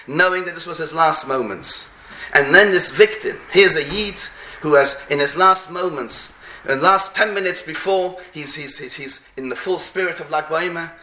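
A man delivers a sermon, telling stories in an animated way and often repeating himself mid-sentence. His voice sits high and sounds bright and sharp. The room around him is noticeably echoey. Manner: animated, repeats phrases, mixes in Hebrew and Yiddish terms. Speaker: rabbi giving a talk. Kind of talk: sermon with storytelling.

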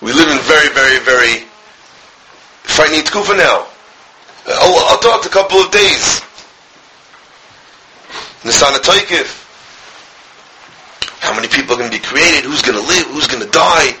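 A man, a rabbi and school director, preaching a sermon passionately, crying out at times and dropping to a hush as he tells stories. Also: on the high side, lively intonation, normal speed, pauses often, low-quality recording. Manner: impassioned, swinging from cries to hushed storytelling. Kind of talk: sermon with storytelling.

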